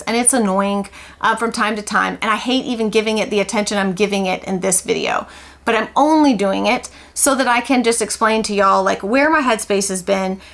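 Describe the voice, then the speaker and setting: A woman's voice: medium pitch, fairly bright tone. A woman, talking in a candid confessional vlog in an emphatic, outspoken and self-mocking way. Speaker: homeschool vlogger.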